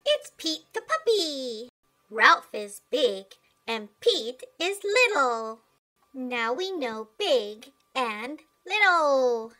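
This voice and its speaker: Woman narrating for preschoolers, very high sing-song voice, swooping melody. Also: big pitch swings, bright, forceful tone. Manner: slow sing-song delivery.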